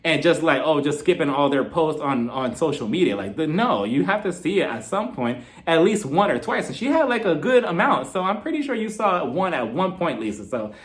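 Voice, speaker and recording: Male vlogger, slightly high voice, chatty gossip recap, acts out quotes. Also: sing-song, brisk, few pauses. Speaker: reality TV reviewer. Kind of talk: casual recap vlog.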